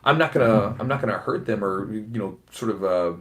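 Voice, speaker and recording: Fast-talking man with a faint Southern accent. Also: fairly low pitch. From American South. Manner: fast, animated, many fillers and restarts. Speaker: podcast host and jiu-jitsu instructor. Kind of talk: casual podcast chat.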